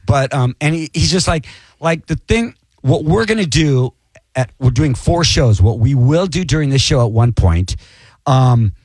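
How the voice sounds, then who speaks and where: A man's voice: mid-range voice, animated, a little slow, darkish tone, breathy edge, no echo. A man, a comedian, chatting casually about upcoming shows, rambling and poking fun at himself. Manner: rambling, self-deprecating joking. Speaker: comedian guest. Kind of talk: casual chat.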